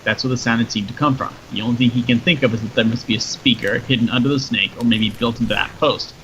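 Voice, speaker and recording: A man narrates a story in a steady, descriptive way. His voice is bright and mid-pitched. The recording is dull and lo-fi, with faint background noise. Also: fast talker. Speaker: story reader.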